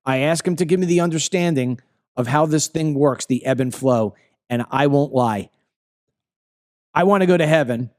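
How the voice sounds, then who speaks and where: A man's voice: on the high side, normal speed, a little mellow, dry recording, clean studio sound. A man in his fifties with a Long Island accent, hosting an opinion monologue in an emphatic, ranting way that keeps repeating phrases. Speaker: commentary show host.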